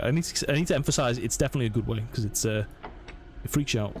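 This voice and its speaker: A gaming channel host with a medium-pitched voice races through commentary on a horror let's play, with slight background noise. Jumpy and nervous, he narrates his every move to himself, talking himself through the scares.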